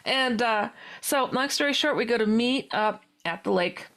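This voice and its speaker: A woman guest tells a personal story with lively energy, jumping in and out of quoted dialogue. Her voice carries a gravelly, fry-touched texture. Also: a little high. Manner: acts out dialogue with quick quotes and laughs. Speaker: paranormal author and guest.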